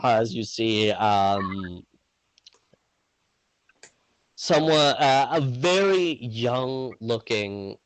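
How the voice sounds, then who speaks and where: Man, game master, slow unhurried narration, dry close sound, improvising with fillers. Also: mid-range voice, no echo, rough recording. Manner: relaxed, frequent fillers and restarts while improvising.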